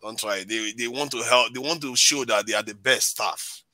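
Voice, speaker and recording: A man's voice: mid-range voice, moderate pace, no room sound. A man from Nigeria with a Nigerian accent, telling stories in a casual panel chat and laughing often. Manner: laughs often, animated storytelling.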